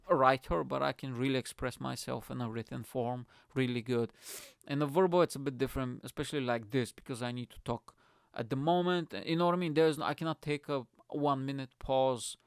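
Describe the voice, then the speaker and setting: A young man hosting his own show, telling dating stories in a profane, animated rant with mocking put-on voices. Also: mid-range voice, clean tone, no room sound, studio quality. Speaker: podcast host. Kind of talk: casual ranting monologue.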